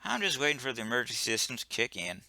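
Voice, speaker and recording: A man's voice: medium pitch, very animated, fast talker, vocal fry, bright, forceful tone, no room sound, heavily acted. A man voicing a laid-back, dismissive male ship engineer in a video game who brushes off every worry. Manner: breezy, brushes off worries.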